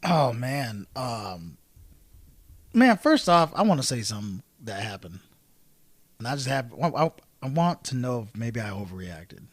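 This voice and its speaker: A man co-hosting a casual podcast, telling a story in an animated way and acting out both sides of an argument. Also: medium pitch, measured pace, no echo. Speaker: podcast co-host.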